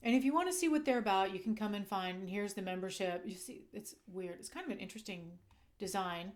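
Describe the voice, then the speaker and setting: A woman's voice: medium pitch, fast talker. A woman hosting a casual commentary vlog into a desk microphone, candid and emphatic, swearing when she gets heated. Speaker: channel host.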